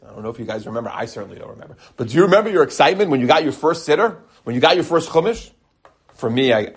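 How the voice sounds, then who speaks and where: A man in his forties, a rabbi giving a lively Torah talk, animated and mixing in Hebrew terms. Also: mid-range voice, slightly rough. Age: 40s. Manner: animated, acts out quotes, mixes in Hebrew terms.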